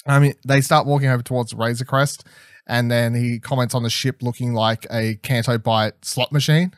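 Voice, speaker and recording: A man's voice: medium pitch, fairly even intonation, moderate pace, no room sound, clean studio sound. A young man chatting casually as a podcast co-host, enthusiastic and rambling, with plenty of fillers and restarts. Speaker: podcast co-host reviewing a TV episode. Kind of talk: casual chat.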